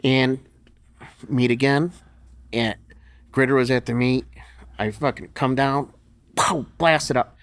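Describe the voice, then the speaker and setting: A man's voice: mid-range voice, steady tone, slow pace, long pauses, clean tone. Middle-aged man, podcast guest, salty and blunt storyteller, easy laugh, everyday mid-range voice. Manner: profane, blunt, laughs through his stories. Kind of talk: casual storytelling interview.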